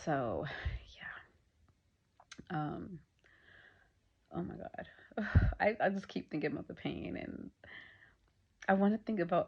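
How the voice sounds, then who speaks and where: A pregnant woman in her thirties chatting casually to camera in a vlog, laughing often and dropping into breathy asides. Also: lowish voice, moderate pace, long pauses, whispered. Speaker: vlogger. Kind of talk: casual chat. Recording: dull lo-fi sound.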